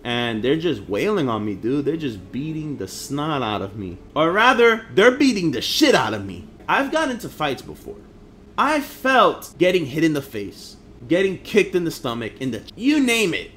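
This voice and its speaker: A man's voice: fairly high pitch, very animated, moderate pace, a bit bright, a little hiss or hum. A young man who grew up in Harlem, telling personal stories in a blunt, profane, slangy vlog manner. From Harlem, New York. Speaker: vlogger. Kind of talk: casual storytelling vlog.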